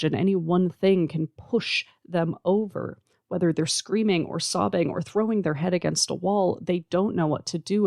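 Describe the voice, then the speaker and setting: An adult podcast host speaks in an earnest, reflective monologue, stacking points in slow, deliberate lists. The voice carries a gravelly, fry-edged texture, sitting in a middle register. The sound is dry and close, with no room around it. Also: medium pitch, a little mellow, dry recording. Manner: earnest, emphatic, listing points in slow measured runs. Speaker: podcast host who works with teens.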